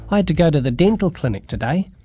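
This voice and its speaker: A man reading a relaxed young boy's lines in a storybook. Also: a little high, fast talker, husky. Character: young boy, easygoing and unbothered.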